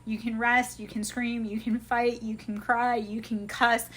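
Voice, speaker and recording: A woman's voice: a little high, flat delivery, unhurried, fairly bright tone, breathy edge. Impassioned woman giving a spiritual pep talk. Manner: impassioned, casual, swears freely. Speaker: live-stream host.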